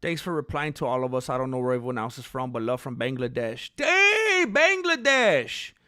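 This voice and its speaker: A man's voice: medium pitch, fairly even intonation, quick pace, clear, resonant tone, no room sound, studio quality. A man hosting a live stream, reading viewer comments and bantering in a laid-back, chuckling way.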